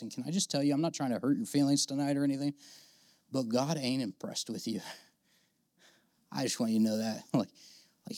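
A man's voice: medium pitch, no echo. Dry, conversational man preaching a sermon. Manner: conversational, animated, acts out quoted characters. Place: church auditorium with audience.

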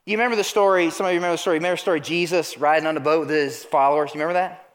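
Pastor, male, high-pitched, animated sermon delivery that calls out questions to the congregation. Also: rapid-fire. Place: church sanctuary.

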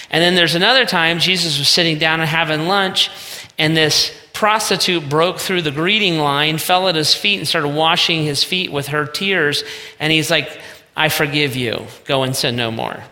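A man's voice: a little high, pushed and bright. A man preaching a sermon in a conversational, emphatic way, with direct asides to the audience. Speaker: pastor. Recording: reverberant hall.

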